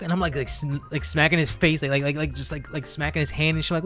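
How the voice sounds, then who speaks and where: A man's voice: on the high side, fast talker, faint music behind. A young man telling a story in casual podcast chat, swearing freely and packing his talk with fillers. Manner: profane, animated storytelling with many fillers. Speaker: podcast co-host.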